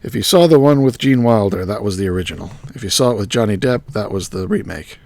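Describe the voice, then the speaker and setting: A man's voice: fairly low pitch, animated, fast, a little mellow, dry recording. A man streaming a game live, thinking aloud and muttering item names as he works. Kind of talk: live gameplay commentary.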